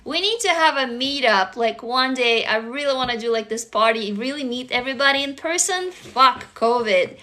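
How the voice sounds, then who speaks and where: Excitable woman, high bright voice. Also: moderate pace, hardly any pauses. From Russia. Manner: excitable, gushing, swears casually. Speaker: livestream host. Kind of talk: casual livestream chat with viewers.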